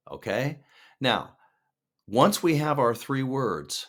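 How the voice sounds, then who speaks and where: A man's voice: fairly low pitch, very animated, slow pace, a bit bright. A man teaching a songwriting lesson as a screen-share tutorial, explaining step by step and checking in with the listener. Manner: upbeat, explanatory, checks in with "okay?".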